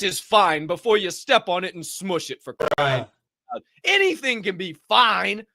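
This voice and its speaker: A man's voice: high-pitched, very animated, moderate pace, bright, forceful tone, dry recording, studio quality. A man co-hosting a podcast, giving a fired-up, profane motivational rant. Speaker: podcast co-host.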